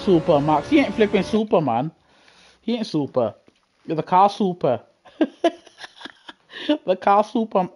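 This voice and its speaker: A man with a British accent giving chatty, excitable live commentary on a racing game over a headset mic, laughing often and grumbling in mock outrage. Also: sits high, unhurried, pauses often, slightly rough. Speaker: gaming streamer. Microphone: gaming headset.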